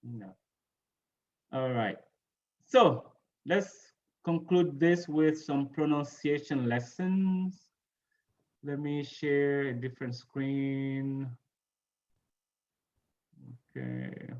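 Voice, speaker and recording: A man's voice: mid-range voice, expressive, extremely slow, pauses often, darkish tone, lo-fi sound. A man teaching English pronunciation to a class over a video call, casual and repeating "you know" and "right?".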